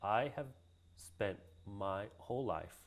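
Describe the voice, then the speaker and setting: Lively storytelling man, low voice. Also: slow pace. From Hawaii. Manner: animated storyteller who laughs often and acts out quoted voices. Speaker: guest, cultural practitioner. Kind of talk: casual storytelling interview.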